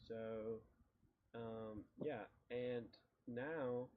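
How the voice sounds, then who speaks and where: A man narrating a tabletop game as dungeon master, easygoing and halting, stopping often to restart a thought. His voice sits at an ordinary middle pitch. The recording is dull and lo-fi. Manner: relaxed, halting with many fillers and restarts. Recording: dull lo-fi mic.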